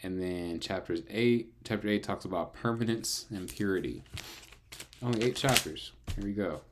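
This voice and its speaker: A man's voice: lowish voice, normal speed, noisy background. A man reading through the Bible, breaking off into playful, chatty asides. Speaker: Bible reader and narrator. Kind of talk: casual Bible reading with commentary.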